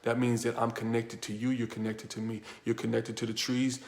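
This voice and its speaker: A man's voice: mid-range voice, level tone, a little fast. A man giving an emphatic motivational teaching talk as a personal development coach, driving points home with repeated rhetorical questions. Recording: echoey room.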